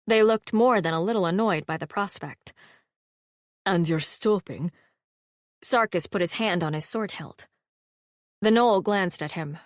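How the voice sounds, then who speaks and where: A woman narrating a cozy fantasy audiobook in a steady, wry storytelling manner on a close mic. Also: mid-range voice, moderate pace, dry recording. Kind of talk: scripted narration.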